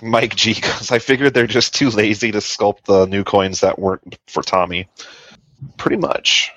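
A man with a slightly low voice hosts a casual live podcast, cracking jokes and reading out viewer comments. The audio is dull and lo-fi. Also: level tone, moderate pace, a bit bright. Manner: jokey, reads viewer comments aloud. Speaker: podcast host. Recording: lo-fi muffled audio.

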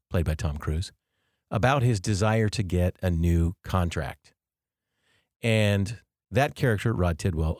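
A man with a very low, deep voice hosts a devotional podcast. He talks earnestly and reflectively and explains ideas step by step. The recording is dry, with no room sound. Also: darkish tone, no room sound. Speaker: podcast host.

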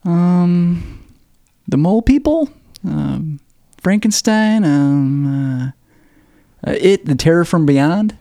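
A man's voice: a little high, animated, slow, gravelly, pauses often, mellow, dry recording, studio quality, exaggerated voice. A man voicing a shy teenage boy who gives short, hesitant, mumbled answers, read aloud as a film scene.

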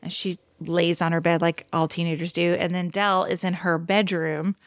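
A woman's voice: on the low side, little pitch movement, moderate pace, no room sound. A woman co-hosting a podcast, recapping a TV episode in casual chat with blunt, exasperated asides. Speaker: podcast co-host.

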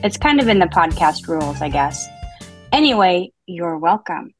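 A woman's voice: fairly low pitch, sing-song, normal speed, soft background music, rough recording. A woman hosting a book podcast, reading a prepared intro and leading the chat with dry, self-mocking humor. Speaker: podcast host. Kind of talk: casual book-club chat with scripted intro.

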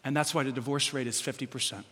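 A man preaching a sermon as pastor, animated and humorous, acting out quotes from everyday life. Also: mid-range voice, fast, husky, long reverb tail.

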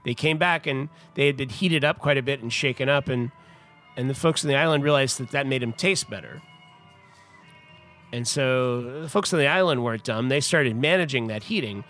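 A man's voice: mid-range voice, normal speed, a bit bright, soft background music. A man in a casual podcast conversation, telling a long story about wine history in a chatty, rambling way full of restarts and asides. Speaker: wine importer guest.

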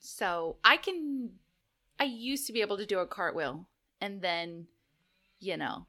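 A woman's voice: mid-range voice, animated, a little slow, bright, forceful tone. A woman co-hosting a podcast, chatting casually, giggling and joking, and reading out a list. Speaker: podcast co-host.

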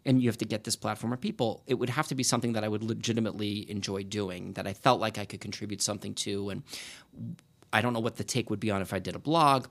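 A man's voice: lowish voice, fairly even intonation, fast, a bit bright. A man talking as a podcast guest, thoughtful and rambling, with many restarts. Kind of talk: casual interview conversation.

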